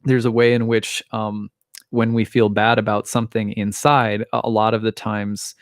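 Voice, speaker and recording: Speaking at a moderate pace, a man in his thirties who works as an astrologer uses a lowish voice with little pitch movement. He muses through a reflective personal talk, frequently starting over and giving little laughs. The recording is dry and of studio quality.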